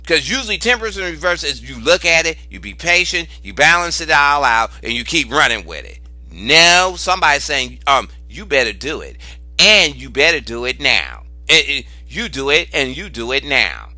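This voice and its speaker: This tarot reader's casual vlog finds him animated and informal, swearing freely and repeating phrases with exclamations for emphasis. The man's bright voice sits on the high side, and the recording is dry.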